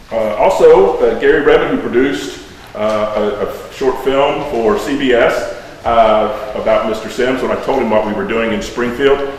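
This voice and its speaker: A man giving a halting introduction speech full of fillers, presenting a guest of honor. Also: fairly low pitch, slight background noise. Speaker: event host introducing the guest. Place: large indoor hall. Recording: echoey hall, distant mic, faint background.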